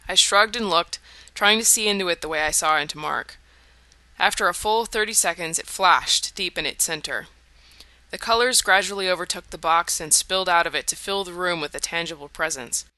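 Sharp, bright, dry audiobook narrator. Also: mid-range voice, no room sound. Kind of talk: first-person audiobook narration.

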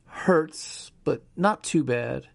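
A man voicing an anxious, frightened patient in a hospital bed, with a gravelly voice. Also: fairly high pitch, lively intonation, very slow, no room sound, pitched above the performer's own voice, full character voice. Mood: weary.

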